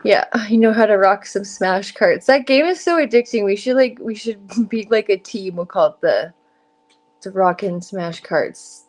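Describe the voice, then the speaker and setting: A woman's voice: medium pitch, animated, moderate pace, darkish tone. A young woman chatting casually on a live stream panel from home, stoned, rambling and laughing often as her sentences trail off. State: stoned and giggly. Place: home room.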